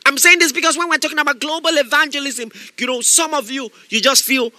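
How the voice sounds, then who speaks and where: A man preaching a sermon as pastor, swinging from quiet asides to shouted exhortation. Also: very high-pitched, fast talker, few pauses, dry recording.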